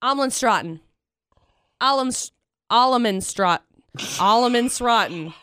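A young woman with a high, smooth, clear voice running a playful quiz as a radio co-host. She is upbeat and stops now and then to spell words out letter by letter. The sound is close and dry. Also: expressive, takes it slowly, pushed and bright, dry recording. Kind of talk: casual radio banter.

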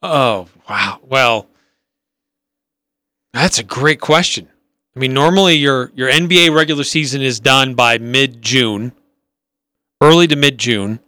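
A man's voice: medium pitch, unhurried, long pauses, pushed and bright, no echo. A man co-hosting a casual sports talk radio show in a studio, easygoing and teasing. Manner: easygoing, laughs often, teasing. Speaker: radio co-host.

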